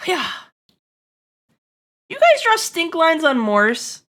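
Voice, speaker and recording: A woman streaming live, chatting to her viewers in an excitable, giggly way. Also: very high voice, takes it slowly. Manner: excitable, giggly, talks straight to chat.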